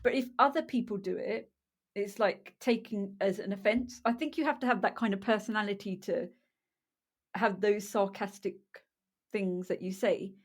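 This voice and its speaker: A woman's voice: medium pitch, moderate pace. Chatty woman co-host, searching for words. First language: Punjabi. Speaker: podcast co-host. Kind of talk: casual chat.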